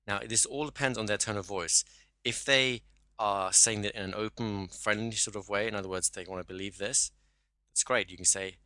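A man's voice: lowish voice, steady tone, brisk, sharp tone, no room sound. A man teaching a hypnosis class, explaining and acting out sample dialogue. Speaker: hypnosis trainer.

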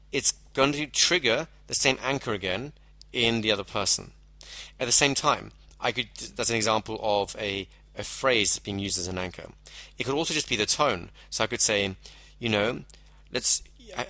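Bright-toned man teaching hypnosis. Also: mid-range voice, no room sound. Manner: measured, explanatory, with slowed emphasis on key phrases. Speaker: hypnosis instructor. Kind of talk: teaching lecture.

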